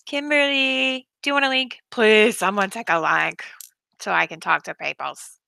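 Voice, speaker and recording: A woman's voice: medium pitch, moderate pace, creaky, pushed and bright, clear, resonant tone, no echo. A woman hosting a casual live stream, chatting and reacting to viewers in a rambling, talkative way. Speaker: livestream host.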